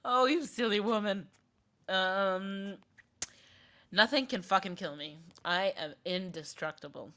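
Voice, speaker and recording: A woman's voice: mid-range voice, takes it slowly, pushed and bright. Woman doing a cocky boastful husband. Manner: swaggering, dismissive. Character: boastful, cocky mythic husband, a grown man.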